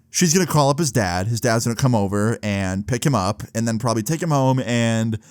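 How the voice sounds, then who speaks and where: Young adult male, relaxed storyteller, slangy and profane, mid-pitched, dry close sound. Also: no room sound. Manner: laid-back, filler-heavy with frequent "like" and swearing. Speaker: vlogger. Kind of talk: casual storytime.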